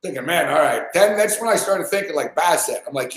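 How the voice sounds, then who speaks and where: A man's voice: on the high side, expressive, fairly quick, hardly any pauses. A man rambling through a crude story, swearing constantly and stuffing his sentences with fillers. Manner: rambling, profane, lots of "like" and "fucking". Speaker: podcast host. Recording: echoey room.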